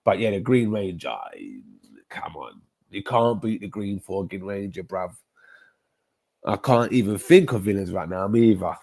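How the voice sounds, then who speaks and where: A man rambles through a casual live-stream chat, animated and full of slang. His voice sits a little low, and he often repeats himself as he talks. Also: normal speed, vocal fry. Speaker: football streamer chatting with viewers.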